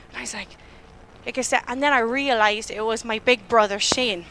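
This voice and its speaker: A woman's voice: on the high side, normal speed, a bit bright, a little hiss or hum. Chatty young Irish woman preaching. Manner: chatty, acts out her own panicked thoughts. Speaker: church speaker. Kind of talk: storytelling sermon.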